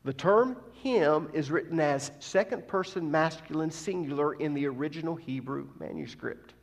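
A man with a slightly high voice preaches a sermon. His delivery is emphatic and swings from loud, stressed points to quiet asides. His voice carries a long hall reverb, as in a church sanctuary. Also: normal speed. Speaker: preacher teaching scripture.

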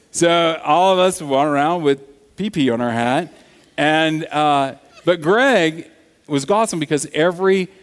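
A man preaching a sermon, telling stories in an animated way that swings from loud to hushed. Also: a little high. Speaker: pastor. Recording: long reverb of a large hall.

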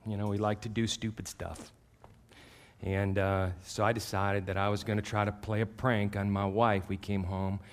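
Speaking at a moderate pace with a fairly low pitch, a man in his fifties delivers a sermon. He's a pastor who tells animated, self-deprecating personal stories that rise in volume at the punchlines.

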